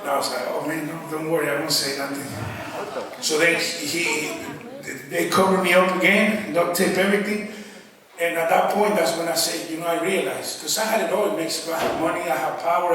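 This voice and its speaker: A man giving a church testimony as a guest speaker, telling his story casually and voicing his own past thoughts as quotes. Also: on the high side. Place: church sanctuary. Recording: echoey church hall, distant mic. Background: faint congregation calling out responses.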